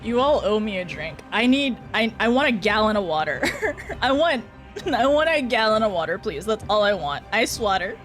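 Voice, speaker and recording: A woman's voice: mid-range voice, big pitch swings, moderate pace, soft background music. A young woman streaming a game, chatting casually with her viewers, flustered and often laughing. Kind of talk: casual live-stream chat while gaming.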